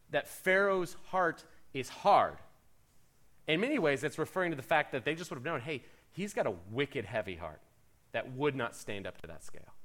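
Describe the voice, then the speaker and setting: A man pastor preaching a sermon in an animated, conversational way with playful asides. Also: a little high.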